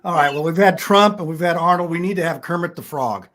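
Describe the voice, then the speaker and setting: A man's voice: a little high, fast, a bit bright. A man hosting a live talk show in casual chat, rambling with many fillers and frequent chuckles.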